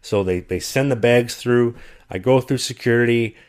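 A man telling a long story in casual conversation, animated, and acting out what other people said. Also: medium pitch, moderate pace, clear, resonant tone. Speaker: guest telling a travel story.

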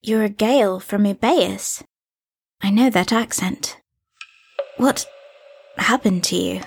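A woman voicing a curious, steady young woman who speaks calmly and directly. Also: medium pitch, takes it slowly, gravelly, slight background noise. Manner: calm, direct, questioning. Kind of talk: audiobook character voice.

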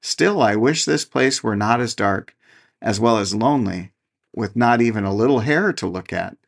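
A man's voice: on the low side, expressive, normal speed, vocal fry. A man voicing a lonely young fir tree in a storybook reading, talking in an earnest, wistful way.

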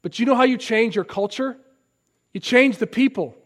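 Male pastor, high voice, sermon, builds to loud passionate peaks, then quiet asides. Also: normal speed. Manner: impassioned preaching, swells loud on key lines; drops to soft, conversational asides.

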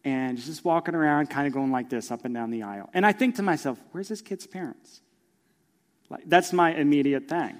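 Middle-aged preacher, fairly high-pitched, storytelling sermon, shifts from hush to loud, long hall reverb. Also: male voice, brisk. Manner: storytelling, acts out voices, swings from hushed to loud. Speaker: pastor.

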